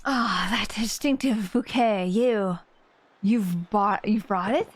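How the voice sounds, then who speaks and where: A woman reading the lines of an old male bomb-creature sea captain aloud from a game, speaking slowly with formal, old-fashioned phrasing. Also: medium pitch, rough recording. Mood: solemn.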